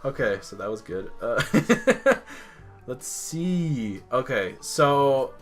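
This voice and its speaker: A man's voice: medium pitch, takes it slowly, soft background music. A man hosting a casual podcast, telling stories with lots of swearing and acted-out quotes. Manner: animated storyteller, swears, acts out quotes. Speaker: podcast host.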